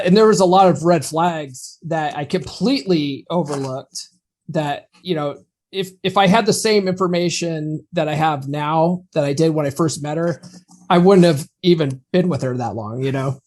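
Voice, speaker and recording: A man co-hosting a podcast, telling a personal story in a chatty way and laughing at his own lines. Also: on the high side. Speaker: podcast co-host. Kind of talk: casual chat, personal story.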